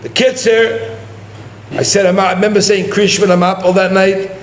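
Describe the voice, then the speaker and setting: A rabbi telling a story in a sermon, animated and laughing as he talks, mixing in Yiddish and Hebrew words. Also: high voice, normal speed. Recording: roomy echo with faint noise.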